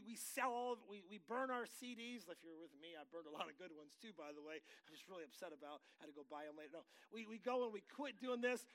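A middle-aged male pastor preaching a sermon in a folksy, rambling way that swells into excited bursts. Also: high-pitched. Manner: folksy, tangent-prone, rising to excited bursts.

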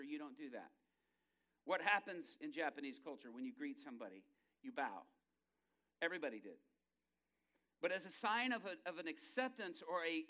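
A male preacher with a high, bright voice. He tells dramatic stories and acts out the characters' voices. He swings from hushed low passages to loud, excited bursts. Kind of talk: sermon.

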